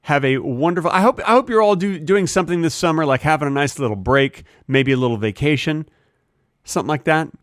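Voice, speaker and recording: A man's voice: a little high, fairly quick, fairly bright tone, no room sound, clean studio sound. A man from Texas co-hosting a comedy podcast, chatting casually with playful teasing. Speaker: podcast co-host.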